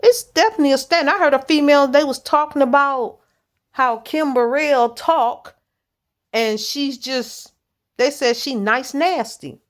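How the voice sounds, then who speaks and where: Woman, church leader, informal preaching, blunt, direct, fairly high voice. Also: a little slow. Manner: blunt, direct, street-plain talk.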